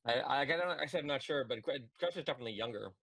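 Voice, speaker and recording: A man with a middle-range voice speaks over an online voice chat. He thinks aloud as he goes, hesitating and restarting his sentences in a measured, careful way. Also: mid-range voice, lively intonation, creaky, fairly bright tone, no room sound. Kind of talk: casual chat over a video call.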